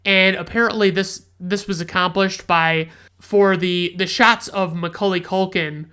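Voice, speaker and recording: A man's voice: high voice, steady tone, measured pace, pushed and bright, clean tone. A man hosting a podcast, casually recapping a film in a rambling, profane, enthusiastic way. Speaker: podcast host, film reviewer.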